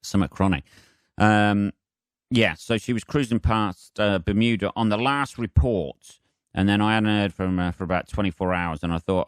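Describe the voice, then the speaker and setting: A man's voice: fairly low pitch, normal speed, clear, resonant tone, dry recording, studio quality. A man hosting a solo podcast, rambling casually with swearing and self-mocking asides. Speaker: podcast host.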